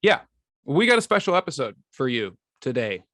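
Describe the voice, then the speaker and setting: A man's voice: medium pitch, sing-song, moderate pace, pushed and bright, dry recording, clean studio sound. A man hosting a beer podcast, chatting casually and joking at his own expense. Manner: easygoing, self-deprecating joking. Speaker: podcast host.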